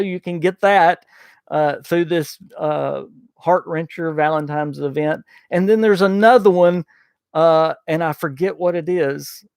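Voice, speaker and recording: A man with a thick Southern US drawl hosts a gaming podcast livestream, reading viewer super chats in a folksy, chatty way and sometimes losing his train of thought. His voice sits a little high for a man and carries a gravelly, fry-laden texture. The recording is dry and close, with no room sound. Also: a little mellow, dry recording. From Southern United States. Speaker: podcast host.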